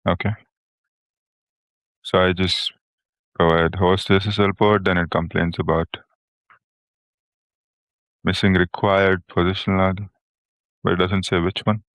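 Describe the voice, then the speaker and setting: Man, low pitch, flat delivery, brief quiet replies, dry sound. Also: measured pace, pauses often, no echo. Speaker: programmer pairing on code. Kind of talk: casual technical chat.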